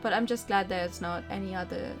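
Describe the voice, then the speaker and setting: A woman's voice: mid-range voice, steady tone, fairly quick. A woman streamer chatting casually through a game, sarcastic, swearing freely and laughing often. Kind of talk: casual gameplay commentary. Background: background music.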